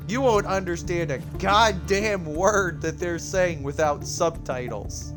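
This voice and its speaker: List. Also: male voice, high-pitched, takes it slowly, few pauses, music in the background. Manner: incredulous, excitable, loud exclamations. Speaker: game streamer. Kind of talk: live stream commentary.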